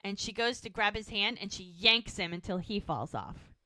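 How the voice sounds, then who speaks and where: Speaking at a medium pitch with no echo, this podcast co-host gives a laid-back episode recap. Her retelling is lively, and she voices the characters' lines in rapid little quotes.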